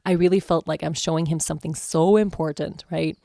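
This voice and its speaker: A woman in her thirties chatting casually on a vlog, telling a warm family story in a gushing way full of "like" and "I mean". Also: low-pitched, steady tone, brisk, gravelly, no room sound, clean studio sound. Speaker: vlogger.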